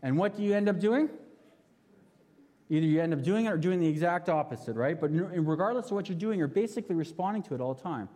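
A man's voice: sits high, animated, fast, dark tone. A man in his thirties preaching, telling a story animatedly and putting questions to the audience. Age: 30s. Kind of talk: sermon with storytelling. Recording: long hall reverb.

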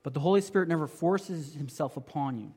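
Male pastor, sermon, somewhat high pitch, rhetorical questions, loud then hushed. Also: fairly quick, husky. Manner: conversational preaching with rhetorical questions; swings from emphatic to quiet and low.

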